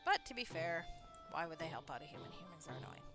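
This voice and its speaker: A woman's voice: sits low, sing-song, fast, music in the background. Chatty, laughing woman streamer. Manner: chatty, self-mocking, laughs often. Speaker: game streamer. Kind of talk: casual let's-play commentary.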